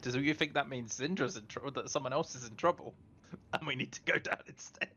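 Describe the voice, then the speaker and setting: A man's voice: medium pitch, brisk, pushed and bright, a little hiss or hum. A man playing in a tabletop role-playing game, talking hesitantly with many fillers and self-corrections as he runs two characters. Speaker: player. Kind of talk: casual tabletop game chat.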